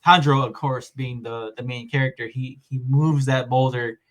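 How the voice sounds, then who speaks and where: A man's voice: medium pitch, steady tone, normal speed, a bit bright. Rambling casual male podcast host. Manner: rambling, filler-heavy recap with acted-out quotes.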